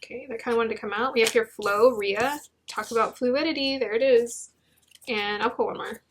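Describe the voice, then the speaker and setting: A young woman giving a gentle, encouraging tarot reading, with many restarts and fillers. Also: a little high, moderate pace, slight background noise. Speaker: tarot reader.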